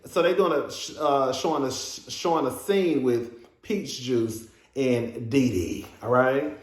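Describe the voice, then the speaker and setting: Unhurried and at medium pitch, a man speaks in a roomy-sounding recording, reviewing a reality show episode. His gossip is sassy and animated, full of laughs and repeated "girl."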